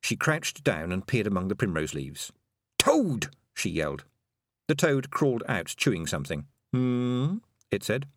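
A man narrating an audiobook with expressive storytelling. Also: low voice, normal speed, no echo. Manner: expressive storytelling, many voices. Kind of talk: audiobook reading.

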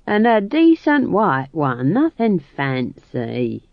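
A woman's voice: lowish voice, huge pitch swings, slow pace, no room sound, voice pushed up, full character voice. A woman voicing a chatty, mischievous old female witch with rustic, folksy grammar. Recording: dull dry studio read.

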